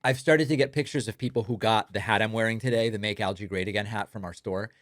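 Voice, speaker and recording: A man's voice: fairly low pitch, fast talker, fairly bright tone, no echo, clean studio sound. A man hosting political commentary, talking sardonically over speech clips and mocking the quotes.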